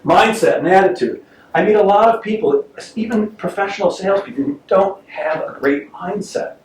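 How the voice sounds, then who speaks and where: A man's voice: high-pitched, normal speed. A man giving a live sales seminar to an audience, joking and acting out little scenes in his stories. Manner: animated, joking, acts out voices in stories. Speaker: sales trainer giving a talk. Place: meeting room with audience. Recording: roomy, distant mic with faint noise.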